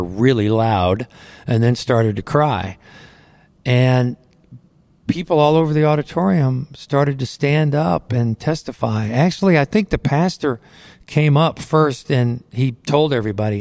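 A middle-aged man tells his story of faith with an earnest, conversational tone. His voice sits at an ordinary pitch for a man. The studio sound is dry and close, with no room echo. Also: a little slow, a little mellow. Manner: earnest, conversational, frequent you know. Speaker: Christian singer telling his testimony. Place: recording studio. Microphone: close studio microphone.

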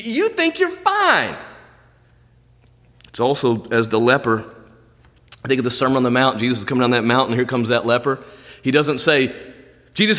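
Male pastor, sermon delivery, very animated pitch, long church reverb. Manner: animated preaching, pitch jumping high on emphasis. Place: church sanctuary.

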